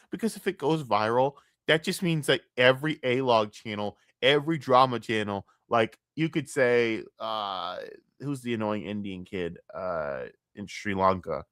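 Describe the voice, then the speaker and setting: A man on a live stream ranting about online drama in a crude, mocking, heated way, jumping between loud outbursts and low mutters. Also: lively intonation, normal speed, no room sound, studio quality. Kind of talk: profane live-stream rant.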